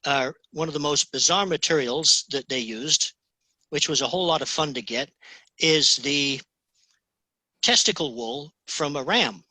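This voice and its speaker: Chatty man with a bright husky voice. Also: a little high, unhurried, no echo, poor audio. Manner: rambling, many restarts, says "okay?" often. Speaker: guest, fly tier. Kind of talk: casual interview chat.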